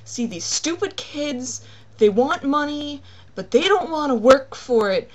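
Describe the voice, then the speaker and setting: A woman's voice: high voice, animated, a little slow, voice pushed up. A woman voicing an irritable, flustered middle-aged female store cashier who rants and complains in an exasperated way. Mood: frazzled ranting.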